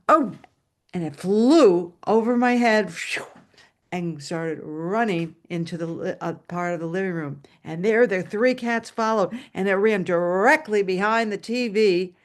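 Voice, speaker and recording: A woman storyteller telling a personal tale aloud over a video call, animated and dramatic. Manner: animated and dramatic, shouting at high points. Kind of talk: live oral storytelling.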